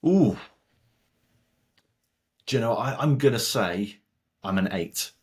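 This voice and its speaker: A man talking as a podcast guest in casual interview chat, jokey and animated, laughing often. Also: medium pitch, slow, breathy edge.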